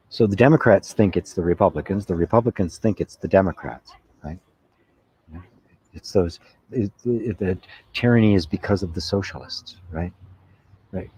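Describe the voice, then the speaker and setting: A man giving a spiritual satsang talk, reflective and unhurried, often asking "right?" and laughing softly. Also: on the low side, a little hiss or hum. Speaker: spiritual teacher. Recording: dull lo-fi sound.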